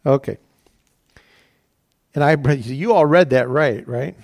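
A pastor with a medium-pitched, slow, creaky, slightly mellow voice reads scripture aloud in a sermon and then explains it plainly. He often repeats phrases, says "you know" a lot, and laughs at his own slips.

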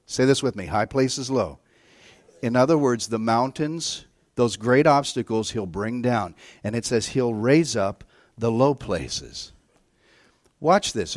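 Middle-aged man, sermon, storytelling, hushed to loud swings, dry close sound. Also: medium pitch, no echo. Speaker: guest preacher.

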